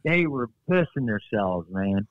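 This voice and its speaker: A man's voice: on the low side, measured pace, no room sound. Middle-aged male guest, folksy storyteller, dry close sound, a bit dull. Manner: lively storyteller, folksy asides. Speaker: guest former wrestler. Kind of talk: casual storytelling on a podcast. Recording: slightly dull dry remote audio.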